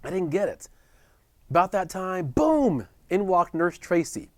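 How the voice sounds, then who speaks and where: A man telling a heartfelt personal story in a virtual talk, earnest, dropping soft and quiet at the tender moments. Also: high voice, big pitch swings, measured pace, no room sound. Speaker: speaker at a business chamber event. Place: at home or office for a virtual presentation. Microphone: close video call mic.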